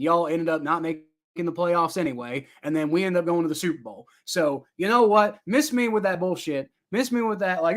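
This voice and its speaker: Host, male, fairly high voice, rambling live sports reaction, answers chat on the fly. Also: lively intonation, fairly quick, fairly bright tone. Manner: rambling, chatty, talks back to viewer comments.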